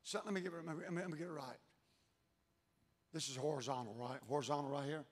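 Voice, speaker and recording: Folksy preacher in a hall. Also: male voice, quick pace. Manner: folksy, preacherly, drops to low intense tones. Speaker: pastor. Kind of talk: sermon. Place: church sanctuary. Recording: church hall reverb.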